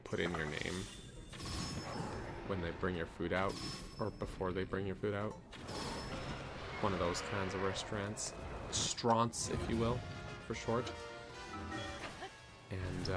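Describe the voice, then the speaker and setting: Goofy low-voiced man streaming a game. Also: steady tone, measured pace, long pauses, over loud music. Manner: goofy, rambling storytelling with frequent restarts. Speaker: gaming streamer. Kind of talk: casual gameplay commentary.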